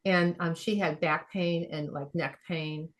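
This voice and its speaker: A middle-aged woman, a functional medicine practitioner, telling a story in an animated way, acting out the quoted dialogue and laughing often. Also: deep voice, measured pace. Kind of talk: conversational storytelling.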